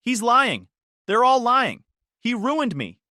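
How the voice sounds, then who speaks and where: Guy putting on a shrieking crazy ex gf, high and loud, bone dry sound. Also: sing-song, takes it slowly, dry recording, exaggerated voice. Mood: hysterical. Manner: shrill yelling. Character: unhinged screaming young ex-girlfriend.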